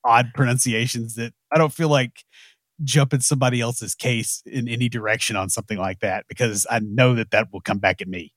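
A man's voice: mid-range voice, fairly even intonation, a little fast, fairly bright tone, dry recording. A man with a Southern US accent, co-hosting a casual technical talk with dry joking asides. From American South. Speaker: podcast co-host.

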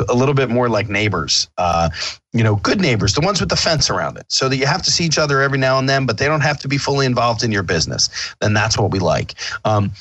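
A man's voice: lowish voice, a bit bright. A man hosting a casual podcast, talking in a rambling, upbeat way with lots of fillers, restarts and casual swearing. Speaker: podcast host.

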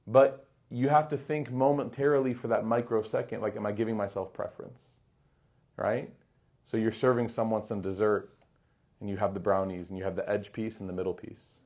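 A man giving a religious talk to a live audience, conversational and quick to act out everyday scenes in little voices. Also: mid-range voice, a little mellow. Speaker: Islamic lecturer.

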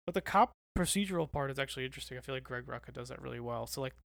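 A woman co-hosting a comic book podcast in casual chat, animated, laughing often and swearing casually. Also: a bass voice, very fast, creaky, no room sound.

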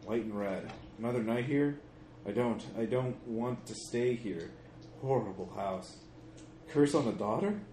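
A haunted, guilt-ridden middle-aged father, as a man reads his note aloud speaks in broken, fragmented phrases. His pitch climbs higher than usual, and the echoey room carries a faint hiss. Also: unhurried, mellow, lightly acted. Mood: distraught.

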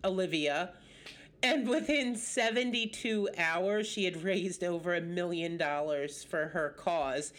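A woman's voice: fairly low pitch, a little slow, a bit bright, slight background noise. A woman co-hosting a podcast, telling a news story in casual chat with blunt asides. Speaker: podcast co-host.

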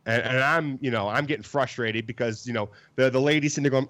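A man's voice: on the high side, fast, hardly any pauses, dry recording. A man telling a story in casual podcast chat, acting out the people he quotes. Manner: animated, acts out quoted people.

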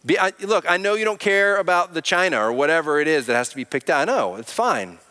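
A man with a bright, fairly high voice preaches to his congregation, earnest and conversational, often stopping to ask them questions. He admits he can sound angry though he isn't. The sound carries a long hall reverb, as in a large sanctuary. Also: quick pace, clear, resonant tone. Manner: says he sounds angry but is not. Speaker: pastor. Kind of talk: sermon.

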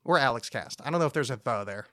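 A man's voice: mid-range voice, lively intonation, quick pace, a bit bright, no echo, studio quality. A man hosting a solo podcast, rambling through listener questions with profane, mock-outraged rants. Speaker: podcast host. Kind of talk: solo comedic rant podcast.

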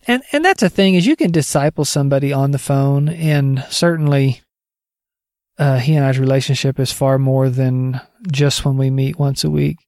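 A man's voice: on the high side, creaky, darkish tone, no echo, studio quality. A man giving a casual spoken teaching update on discipling others, conversational and digressive, thinking aloud as he goes.

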